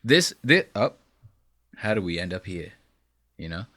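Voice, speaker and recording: A man giving casual, profane reaction commentary, animated and mocking as he talks. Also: deep voice, unhurried, dry recording.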